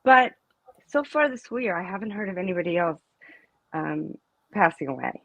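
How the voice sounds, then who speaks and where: A woman's voice: lowish voice, lively intonation, normal speed, gravelly, dry recording, highs cut off. A middle-aged woman, a student's mother, telling stories emphatically in a casual interview, restarting her sentences often. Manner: emphatic, storytelling, with many restarts.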